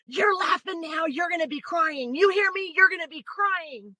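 A woman's voice: very high voice, normal speed, pushed and bright, no echo, voice pushed up. A woman acting out an angry adult man who screams taunts. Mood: furious taunting. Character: furious shouting ex-husband, adult man.

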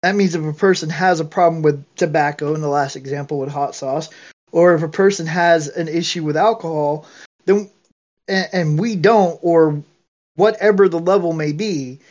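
A man's voice: a little high, moderate pace, a little mellow, dull audio. A man from Georgia, US, sharing earnestly in an online bible study, preachy and repetitive, with restarts.

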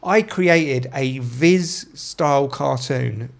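A man's voice: medium pitch, drawn-out words, vocal fry. A man in his thirties co-hosting a podcast, telling stories in a casual, sweary, laughing way. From England. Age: 30s. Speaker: podcast co-host. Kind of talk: casual chat.

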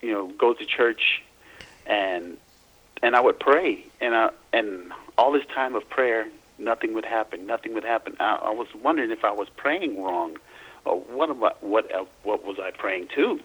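A man from Louisiana, an interview guest, recounting personal experiences in a halting way, often repeating and restarting words. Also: on the low side, a bit bright, slightly rough, low-quality recording.

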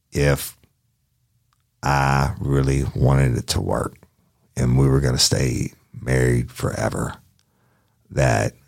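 Very deep gravelly man telling a story. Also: dry recording, clean studio sound. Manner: profane, blunt, retells dialogue with emphasis. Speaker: private investigator. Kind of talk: casual anecdote telling.

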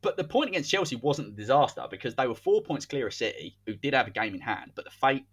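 A man's voice: medium pitch, big pitch swings, quick pace, husky. A man, hosting a podcast and telling a football story in a casual, dramatic way. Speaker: podcast host.

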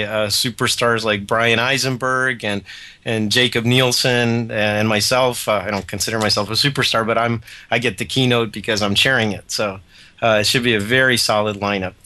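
A man interviewed as a radio guest, chairing a conference, brisk and self-deprecating as he lists his points. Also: medium pitch, fairly even intonation, bright, forceful tone.

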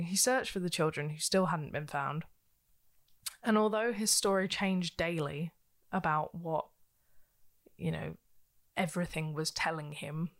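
A woman co-hosting a podcast, telling a true-crime case in a casual, chatty way with frequent ums and likes. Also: deep voice. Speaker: podcast co-host.

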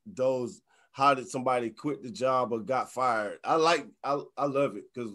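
A man's voice: mid-range voice, moderate pace, bright, forceful tone. A young man hosting a casual podcast, talking in slang, swearing and laughing easily. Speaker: podcast host.

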